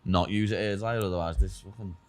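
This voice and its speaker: Scouse man with a low voice. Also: steady tone, brisk. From Liverpool, England. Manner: says "lad" and "know what I mean" a lot. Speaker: guest, UFC fighter. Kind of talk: casual chat.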